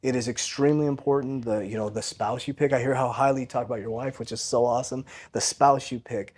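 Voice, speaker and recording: A man's voice: medium pitch, fairly even intonation, fast, darkish tone. Earnest man telling his story. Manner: earnest, often tags lines with "right?". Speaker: podcast guest, financial coach. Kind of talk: candid personal storytelling.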